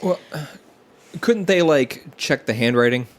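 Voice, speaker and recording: Curious man podcast cohost, lively up-and-down pitch. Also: a little slow. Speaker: podcast co-host. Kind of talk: casual chat.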